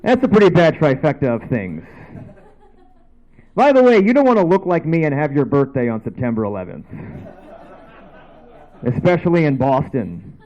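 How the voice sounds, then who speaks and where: A man from Canada working through a rambling stand-up set into a handheld mic, his voice sitting a little high and swinging all over the place. The sound is dull and lo-fi, like a cheap bar recording. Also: very animated, normal speed, long pauses, darkish tone, some chatter behind. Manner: loose, rambling, offhand asides. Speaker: stand-up comedian. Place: dive bar stage.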